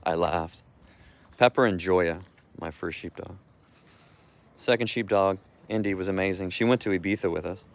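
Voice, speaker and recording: Low-voiced man rambling on a walk. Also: moderate pace, long pauses. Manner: loose, meandering talk with restarts. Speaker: vlogger. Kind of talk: rambling walk-and-talk vlog. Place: outdoors on a walk with his dog.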